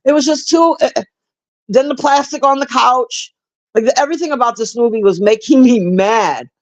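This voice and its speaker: A woman's voice: a little high, normal speed. A woman giving a casual, rambling movie review on a livestream, blunt and profane, chatting with viewers in between. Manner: chats with live viewers.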